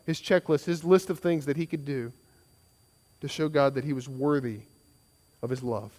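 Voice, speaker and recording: A man's voice: sits high, big-room sound. A man preaching a sermon as pastor, earnest and conversational, with frequent restarts and repeated phrases.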